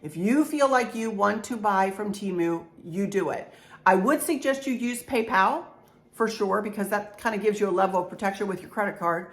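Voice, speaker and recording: A woman's voice: mid-range voice, moderate pace. Chatty encouraging woman vlogger. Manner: warm, rambling, encouraging, with many restarts. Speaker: home decor vlogger. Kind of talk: chatty haul vlog.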